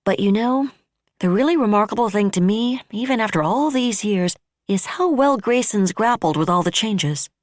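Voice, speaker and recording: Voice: mid-range voice, lively intonation, moderate pace, no room sound, clean studio sound, voice pushed up, close to an everyday voice. A narrator voicing a composed female commander who speaks thoughtfully.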